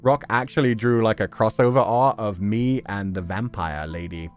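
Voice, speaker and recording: A man's voice: lowish voice, normal speed, clear, resonant tone, faint music behind. A man chatting casually on a live stream, reacting to fan art and laughing often.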